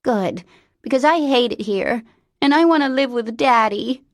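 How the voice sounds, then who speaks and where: A woman's voice: a little high, lively intonation, moderate pace, no echo, pitched above the performer's own voice. A woman voicing a small boy who is sleepy, sullen and close to tears, in an audiobook. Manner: sleepy, sulky child talk.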